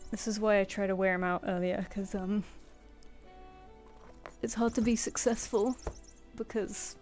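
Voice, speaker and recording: A woman's voice: mid-range voice, fairly even intonation, measured pace, a little mellow. Woman artist rambling on her stream, self-deprecating, chats to her pet, faint music behind. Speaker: artist streaming live commissions. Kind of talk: casual live-stream chat.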